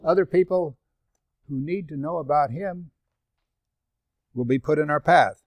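A man's voice: fairly high pitch, measured pace, darkish tone, no room sound. Older man teaching a Bible study. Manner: reads scripture aloud, conversational asides. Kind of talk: sermon-style Bible study.

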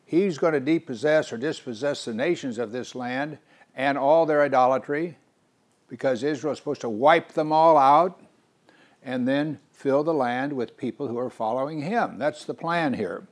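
Older male preacher, earnest and animated, mid-pitched voice. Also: moderate pace. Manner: earnest, animated, rhetorical questions. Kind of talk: sermon.

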